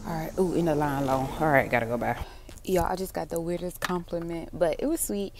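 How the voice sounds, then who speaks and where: A young woman with a smooth, sleepy-sounding voice, chatting casually to viewers as a vlogger while running errands. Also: deep voice, a little fast, a crowd in the background. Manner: chatty, addresses viewers as y'all and girl. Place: in a car and stores.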